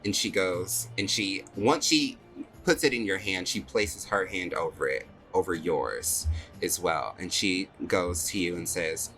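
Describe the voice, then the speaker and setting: A man's voice: low-pitched, a little slow, soft background music. A man narrating a tabletop game as game master, chatty and laughing as he tells the scene. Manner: animated, laughing, chatty storytelling.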